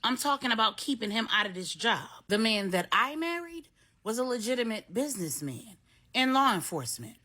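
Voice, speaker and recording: A woman's voice: fairly high pitch, bright, forceful tone, exaggerated voice. A woman voicing a firm, earnest churchgoing businesswoman who leads a women's ministry, in a storybook reading.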